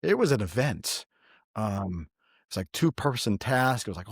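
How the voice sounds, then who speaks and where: A middle-aged man from New York hosting a casual faith podcast, telling stories in an animated way and often repeating himself. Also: mid-range voice, moderate pace, breathy edge, no echo, studio quality. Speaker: podcast host.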